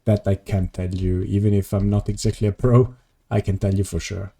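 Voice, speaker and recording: A man's voice: lowish voice, steady tone, fairly quick, gravelly, warm tone. A tired man chatting casually on a live stream as he plays, rambling and answering his viewers' messages. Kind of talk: casual live-stream chat while gaming.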